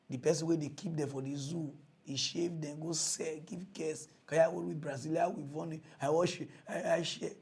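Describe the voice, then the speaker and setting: Nigerian pidgin guy doing a mock news rant, mocking, kinda high voice. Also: vocal fry, breathy edge. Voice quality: animated, mocking, exclaiming. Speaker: comic mock-news presenter.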